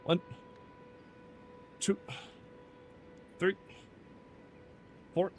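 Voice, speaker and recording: A man's voice: fairly low pitch, a little slow, pauses often, a little hiss or hum. A man streaming a video game, chatting casually, answering viewer chat and counting out workout reps between fights. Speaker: gaming streamer. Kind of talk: casual livestream chat while gaming.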